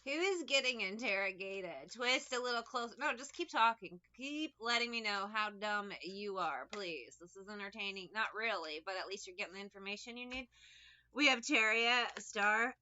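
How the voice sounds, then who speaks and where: A woman's voice: on the high side, sharp tone, muffled recording. A woman giving a casual tarot reading, rambling, sarcastic and liberal with swearing. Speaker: tarot reader.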